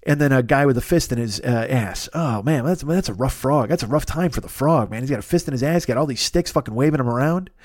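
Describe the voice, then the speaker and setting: A man's voice: mid-range voice, lively intonation, fast, few pauses, darkish tone, no echo, clean studio sound. A man in his fifties riffing in a rambling, profane comedy monologue, laughing at his own jokes. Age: 50s. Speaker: podcast host.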